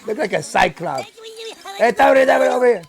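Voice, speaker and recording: Reaction host: excitable man, very high pitched, heavy vocal fry, faint music behind. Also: brisk. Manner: excitable, exclaiming and narrating what he sees. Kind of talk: live reaction commentary.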